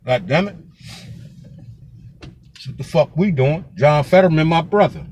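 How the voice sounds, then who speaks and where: Local man from Pennsylvania, heated and profane, raised voice, rapid-fire repetition. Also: fairly high pitch, a little mellow, slight background noise. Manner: fiery, profane, repeats "God damn it". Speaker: local commentator. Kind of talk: street vlog rant.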